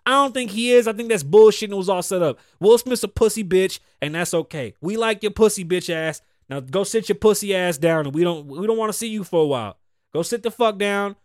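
A middle-aged man hosting a podcast, ranting bluntly with constant cursing, swinging from loud outbursts to low mutters. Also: no room sound, studio quality. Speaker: podcast host. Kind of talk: profane opinion rant.

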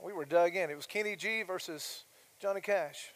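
A middle-aged pastor delivers a sermon at a moderate pace in a high, light voice. He's chatty, tossing asides and questions to the congregation, and his words echo with the long reverb of a church sanctuary.

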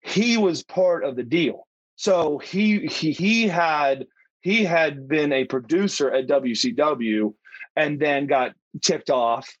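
A man's voice: on the high side, slow pace, no echo. A middle-aged former pro wrestler, a man, telling stories as an interview guest, rambling with many restarts. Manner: rambling, with frequent restarts and acted-out quotes. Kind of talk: casual storytelling. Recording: dull, dry lo-fi audio.

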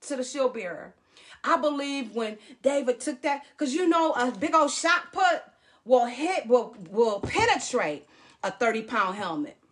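A woman pastor preaching a sermon, animated and calling out to the congregation. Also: high-pitched. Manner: animated preaching, calls out to the congregation, acts out voices.

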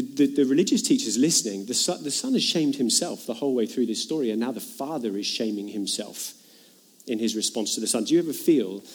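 Earnest man preaching a sermon. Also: slightly rough. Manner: earnest, rises in pitch and volume for emphasis, retells scripture dramatically.

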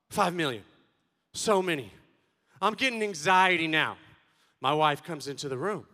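A playful, animated man gives a comedic talk to a student audience and swings between loud and soft. His voice sits high and sounds bright and forceful. A long reverb from a large hall trails every line. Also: moderate pace, pauses often. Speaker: speaker addressing students.

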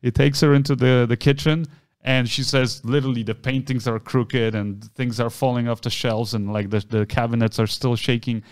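A man with a mid-range, clean voice at a moderate pace co-hosts a podcast, recorded in a clean studio with no room sound. Telling a story in casual chat, he's an animated storyteller who acts out the voices of the people in it.

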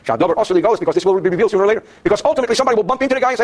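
A man's voice: high voice, expressive, very fast. A man teaching a daily class on Jewish law to students in the room. He reads Hebrew passages, then translates them and explains them with jokes. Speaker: Torah teacher.

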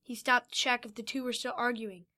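A woman's voice: fairly high pitch, fairly even intonation, brisk, sharp tone. A woman reading a fantasy adventure story aloud, giving the characters light voices.

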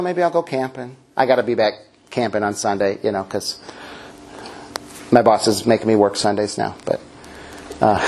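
A middle-aged man preaching a sermon, telling stories with self-mocking humor and animated delivery. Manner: animated, swings into high character voices. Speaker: pastor.

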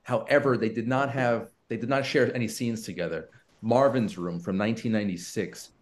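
A man hosting a casual film podcast. He talks with enthusiasm, recommends movies and fills his pauses with "uh". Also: lowish voice.

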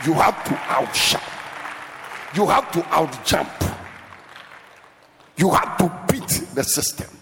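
Man, fiery sermon, sing-song shouting, gravelly, lively pitch. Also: slow pace, long pauses, crowd noise, noisy background. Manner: impassioned preaching, swells into shouting and sing-song cadences. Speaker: pastor. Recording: reverberant church hall with faint music.

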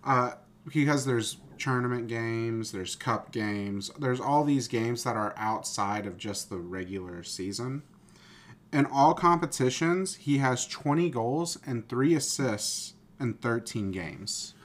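A man's voice: mid-range voice, expressive, takes it slowly. A man from the United States co-hosting a sports podcast, chatty and full of filler words. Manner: chatty, heavy use of "like". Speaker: podcast co-host. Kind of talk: casual sports chat.

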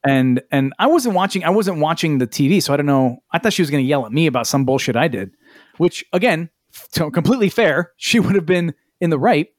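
A man's voice: a little high, lively intonation, brisk, no room sound, clean studio sound. A man co-hosting a podcast, chatting casually and telling stories with acted-out quotes and casual swearing. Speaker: podcast co-host. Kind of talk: casual chat, storytelling.

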